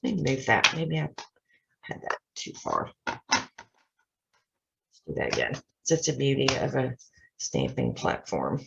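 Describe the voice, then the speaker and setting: A woman's voice: a bass voice, wildly swooping pitch, measured pace, creaky, pauses often, noisy background. A woman hosting a casual card-making tutorial at her craft desk, chatting her way through each step with self-deprecating asides. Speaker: craft channel host. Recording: slightly dull lo-fi sound.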